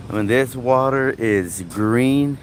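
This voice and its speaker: A man's voice: medium pitch, a little hiss or hum. A man livestreaming on a walk through a city park, talking casually and rambling with lots of filler. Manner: casual, rambling, lots of "you guys" and "you know". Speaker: street vlogger. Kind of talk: walking street livestream. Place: outdoors in a city park by traffic.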